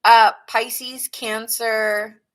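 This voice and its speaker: A woman's voice: a little high, flat delivery, extremely slow. A woman giving a casual live tarot reading, chatting and reacting to viewers' comments and laughing often. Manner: laughs often, muses aloud. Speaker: tarot reader.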